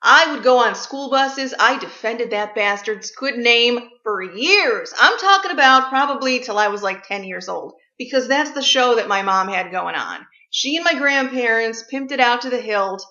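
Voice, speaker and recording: Here a vlogger ranting about gifts speaks in a fairly high, bright and forceful voice with lively intonation. She keeps a normal speed with hardly any pauses, and her comedy is sarcastic, blunt and full of profanity. The room echoes and the sound is slightly dull.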